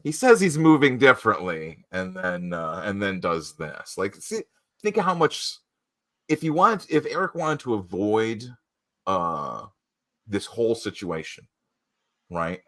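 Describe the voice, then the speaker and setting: A man's voice: lowish voice, sing-song, unhurried, a bit bright. A man hosting a casual chat who rambles, laughs often and acts out what other people said. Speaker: podcast host.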